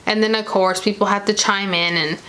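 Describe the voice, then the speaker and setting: A young woman chatting casually as she recaps a reality show episode, retelling scenes with quick quoted asides. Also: mid-range voice, steady tone, sharp tone.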